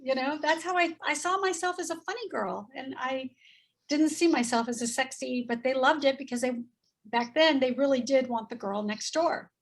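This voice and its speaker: A woman in her fifties telling a story in casual chat, animated and acting out voices as she goes. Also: sits high, moderate pace. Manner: animated, acts out voices in quotes, laughs often. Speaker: guest.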